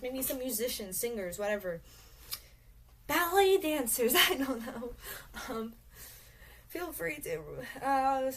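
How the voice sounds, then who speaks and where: A woman hosting her own channel, talking in a casual, rambling way with many fillers and restarts. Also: on the high side. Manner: giggles often. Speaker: channel host.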